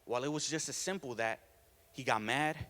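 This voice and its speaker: With a bright, forceful, mid-range voice at a moderate pace, this teenage student speaker presents a prepared talk. A native Spanish speaker, he is emphatic and earnest and laughs between points, his words ringing with the long reverb of a school auditorium.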